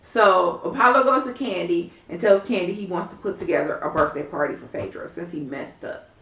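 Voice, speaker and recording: A woman's voice: fairly low pitch, a little fast, a bit bright. Sassy woman recapping in an echoey room. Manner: sassy, blunt, profane, tells the story acting out quotes. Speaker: reality show recap vlogger. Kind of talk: casual recap vlog. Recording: echoey room, far from mic.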